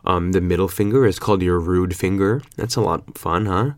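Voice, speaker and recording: A young man in his twenties rambling through a casual vlog, loose and slangy with plenty of swearing and fillers. His voice sits low with a gravelly edge. The sound is close and dry, with no room around it. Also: fairly quick, no room sound. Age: 20s. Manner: laid-back, slangy and profane, rambling with fillers. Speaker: vlogger.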